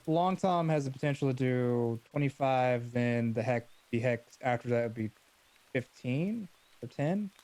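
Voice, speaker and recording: Male player, casual table chat, hurried rule checks. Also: medium pitch, lively intonation, a little mellow.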